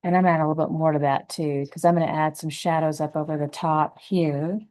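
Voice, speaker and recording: Woman painting instructor; warm, low-pitched, relaxed, narrates her brushwork as she goes. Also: rough recording. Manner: gentle, unhurried, thinking aloud while painting. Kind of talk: step-by-step painting lesson.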